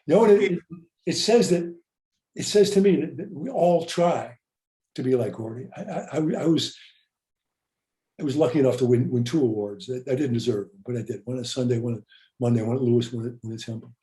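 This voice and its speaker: An older man hosts a podcast, talking reflectively in an interview setting, earnest and often repeating words. His mid-range voice is mellow and fairly quick, with a reverberant sound.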